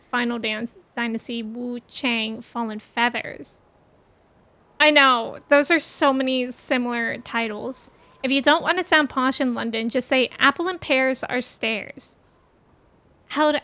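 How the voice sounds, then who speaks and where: A woman's voice: on the high side, a little slow, pushed and bright, dry recording. A woman streamer chatting casually with her chat while she plays, giggly and talkative.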